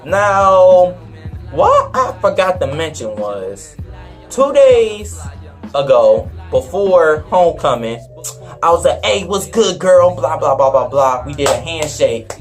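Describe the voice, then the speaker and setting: A man's voice: on the high side, big pitch swings, slow, faint music behind. Slangy young man telling a story. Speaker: vlogger. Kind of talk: storytime vlog.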